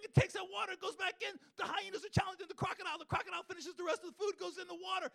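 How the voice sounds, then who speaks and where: A man telling a wildlife story to an audience in an animated way, acting out his own thoughts and the animals with big swings of voice. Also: very high-pitched, very fast, gravelly, few pauses. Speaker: wildlife photographer giving a talk.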